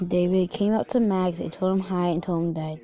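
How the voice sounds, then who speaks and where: Young woman narrating a fan story: casual, chatty, mellow voice. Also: fairly low pitch, fairly even intonation, fairly quick. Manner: unpolished and chatty, with asides to the listener.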